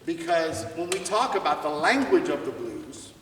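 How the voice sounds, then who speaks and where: A man's voice: fairly high pitch, very animated, moderate pace, fairly bright tone, slight background noise. A man giving a jazz clinic to students, chatty and laughing, asking them questions as he teaches. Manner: conversational, asks students questions, laughs often. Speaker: visiting jazz trumpet clinician. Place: school music room or hall. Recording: echoey hall from far off.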